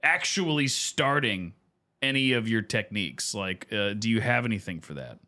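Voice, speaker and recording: A man hosting a casual podcast interview, with a bright, sharp tone and a lively, swinging pitch. He asks loose, rambling questions full of fillers. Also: moderate pace. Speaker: podcast host.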